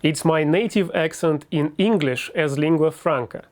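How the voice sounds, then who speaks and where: A man's voice: on the high side, moderate pace, hardly any pauses, darkish tone. A man who is a native Russian speaker, reading a passage in English with a Russian accent and articulating each word very carefully. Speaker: university lecturer.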